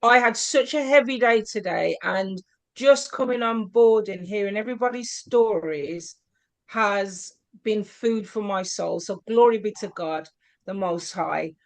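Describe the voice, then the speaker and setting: A woman's voice: mid-range voice, measured pace. A woman from Birmingham, a guest on a video call, asking a question in an effusive, churchy way. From Birmingham, England.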